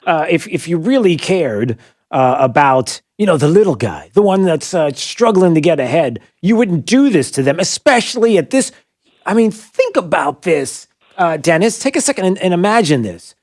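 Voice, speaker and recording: A man's voice: high voice, big pitch swings, unhurried, no room sound, clean studio sound. A man hosting a political call-in radio show, talking in an agitated, indignant way with many rhetorical questions and fillers. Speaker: radio talk show host.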